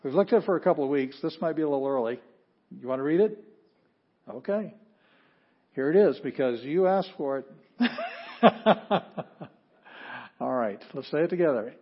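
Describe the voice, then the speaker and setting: A man teaching a language class, explaining patiently with frequent pauses and fillers. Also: fairly high pitch, animated, slightly rough, lo-fi sound. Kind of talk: classroom lecture.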